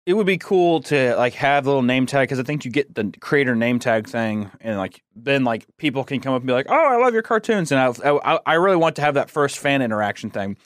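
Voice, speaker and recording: A man's voice: medium pitch, a little fast, hardly any pauses, dry recording, studio quality. A man guesting on a podcast, telling rambling, self-conscious stories in casual chat.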